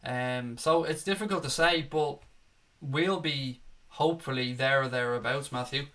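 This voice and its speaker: A young man with a mid-range, somewhat bright voice hosts a live fan show at a measured pace. He chats casually while reading viewer comments aloud, calling people mate.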